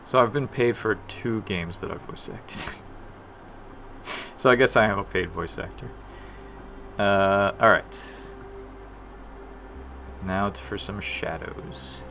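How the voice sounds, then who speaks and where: A man's voice: lowish voice, slow pace, vocal fry, pauses often, bright, forceful tone, slight background noise. A man casually chatting on a live dev stream, self-deprecating and muttering to himself as he works. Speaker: game developer streaming his work.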